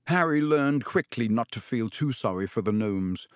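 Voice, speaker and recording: A man reading a children's novel aloud as an audiobook narrator, with steady storytelling. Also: medium pitch, normal speed, clean tone, dry recording, clean studio sound.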